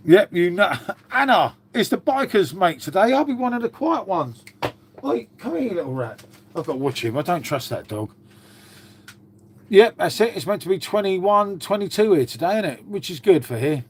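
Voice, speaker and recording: This livestream host has a high, breathy-edged voice that swings widely in pitch, and he talks at a moderate pace. He chats casually with his viewers and curses freely as he addresses his dog.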